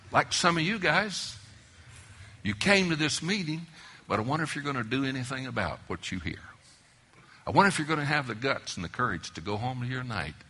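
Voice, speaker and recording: Animated preacher man, husky bright voice. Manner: animated storytelling, swinging between loud exclamations and low near-whispers. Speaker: preacher at a marriage conference. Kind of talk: sermon.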